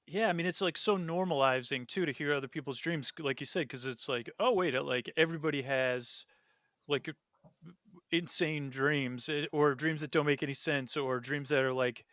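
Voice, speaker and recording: A man, a podcast guest, telling a dream story in casual chat, rambling and animated with lots of fillers. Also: fairly high pitch, moderate pace, no echo, studio quality.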